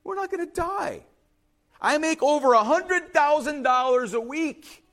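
A man voicing a calm, smug rich man who answers in a relaxed, dismissive way. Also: measured pace, full character voice. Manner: relaxed, dismissive, low and quiet.

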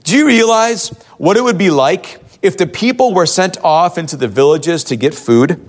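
An animated male pastor preaching in a church, his voice sitting high and swinging widely in pitch. He talks conversationally, tossing out rhetorical questions to the congregation. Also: moderate pace. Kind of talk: sermon.

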